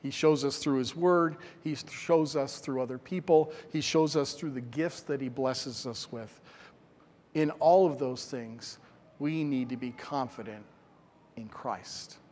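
A man's voice: medium pitch, a little slow, darkish tone, in a large hall. A middle-aged man preaching a sermon in a church, earnest and emphatic, repeating phrases for stress. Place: church sanctuary.

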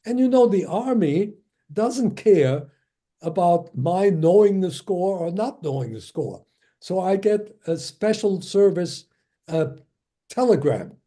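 A man in his nineties from Germany, giving a lecture as a string of anecdotes, halting with many fillers and restarts and chuckling as he tells them. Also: high voice, lively intonation, dark tone. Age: 90s. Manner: chuckles while recounting stories.

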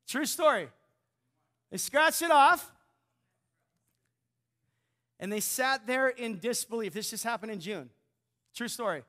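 A male pastor preaching a sermon, telling a story and swinging from hushed, slow lines to excited shouting. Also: extremely high pitch. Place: church.

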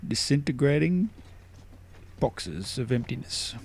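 A man's voice: medium pitch, sing-song, slow pace, breathy edge. A man with an Australian accent, mumbling and rambling through casual gameplay commentary. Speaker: let's play gamer.

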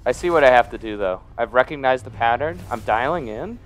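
A man's voice: medium pitch, lively intonation, a little fast. A man giving gameplay commentary, muttering in frustration and mocking himself, sleepy. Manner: self-deprecating, frustrated muttering. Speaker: gamer.

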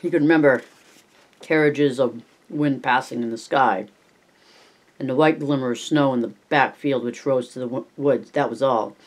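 A man reading a novel aloud slowly and deliberately, with small slips, restarts and personal asides. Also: medium pitch. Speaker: audiobook reader.

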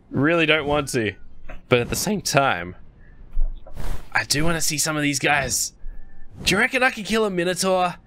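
Bright, lively Australian gaming YouTuber. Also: male voice, high-pitched. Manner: excitable and chatty, talks to viewers. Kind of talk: Let's Play commentary.

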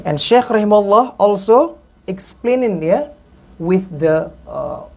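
Husky-voiced man teaching in a mosque. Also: high voice, animated. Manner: halting English with frequent "yeah" tags, quick Arabic recitation. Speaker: religious teacher. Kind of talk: mosque lecture on Islamic law.

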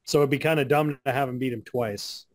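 A man's voice: mid-range voice, fairly quick. A man co-hosting a casual podcast chat, rambling and joking with frequent restarts. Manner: rambling, self-interrupting and joking. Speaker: podcast co-host.

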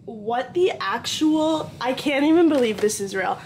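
A woman's voice: high-pitched, lively intonation, unhurried, noisy background. A young woman vlogging casually to her phone camera, gushing and upbeat as she talks through her festival trip. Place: festival trip: hotel, pool, outdoors.

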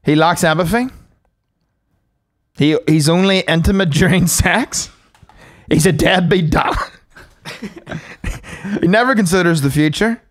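A man's voice: fairly high pitch, measured pace, long pauses, dry recording, studio quality. Man, laughing co-host. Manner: laughing, swearing, reads a list aloud. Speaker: podcast co-host. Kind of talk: casual chat.

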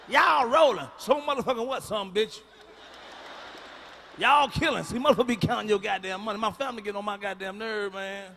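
Male stand-up comic, high and bright, profane and emphatic, live venue recording with faint noise. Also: normal speed, creaky. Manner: profane, emphatic, shouting punchlines. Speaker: stand-up comedian. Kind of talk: stand-up comedy routine. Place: large concert venue.

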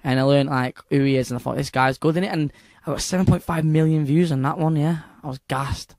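A young man with a Manchester accent, chatting excitedly as an interview guest, rambling and restarting his sentences. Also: on the high side, fast talker, dry recording, clean studio sound. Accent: Northern English, Manchester. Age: young adult. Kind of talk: casual interview chat.

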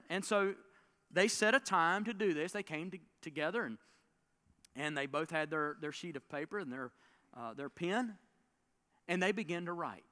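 A man preaching a sermon as a pastor, telling a story with dramatic swings between loud bursts and hushed lines. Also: on the high side. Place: church sanctuary.

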